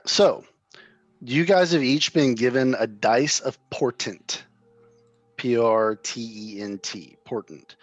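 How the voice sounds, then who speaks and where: A man running a tabletop game as game master, narrating in a relaxed way with many fillers. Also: mid-range voice, no room sound, muffled recording.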